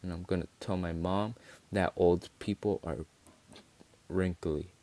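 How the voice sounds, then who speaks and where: A man's voice: low-pitched, fairly even intonation, unhurried, dark tone. A man giving casual, rambling gameplay commentary, easily exasperated and swearing freely. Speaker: gaming video creator.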